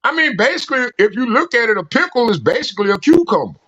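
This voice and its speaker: A man calling in to a stream, chatting and telling rambling stories with animated laughter. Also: extremely high pitch, quick pace, crowd noise. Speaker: regular caller on a call-in stream. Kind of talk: casual chat and storytelling. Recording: muffled lo-fi call audio with fan noise.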